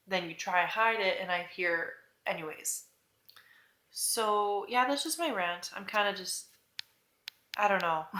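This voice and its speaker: A woman's voice: medium pitch, bright, forceful tone, reverberant. A young woman ranting casually to camera, chatty and rambling, trailing off into "I don't know" and little laughs. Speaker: vlogger.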